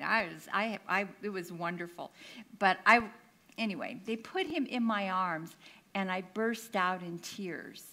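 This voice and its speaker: Middle-aged woman minister, bright clear tone, conversational sermon full of self-deprecating personal stories. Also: medium pitch. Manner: conversational and self-deprecating, acts out her own past lines.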